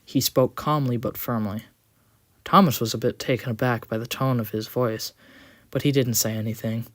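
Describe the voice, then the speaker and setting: A storyteller reading an audio story aloud, expressive with the odd small slip. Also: mid-range voice, moderate pace, no echo, clean studio sound.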